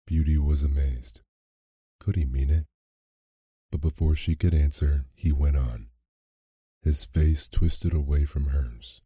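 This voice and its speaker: A man narrating a bedtime sleep story in a slow, soft, measured way. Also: rumbling low, steady tone, husky, dry recording, studio quality.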